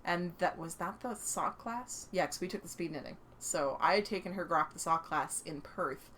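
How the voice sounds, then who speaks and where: With a fairly bright tone on the low side and a moderate pace, a Canadian podcast co-host chats casually, laughing a lot and acting out quotes as she tells stories. A bit of hiss or hum is audible.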